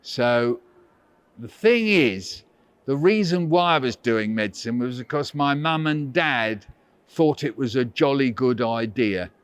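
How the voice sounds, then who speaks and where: A man's voice: medium pitch, measured pace, clear, resonant tone. A man leading a school workshop for children over a video call, telling playful stories and teasing them in a theatrical, mock-huffy way. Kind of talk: playful storytelling talk to children.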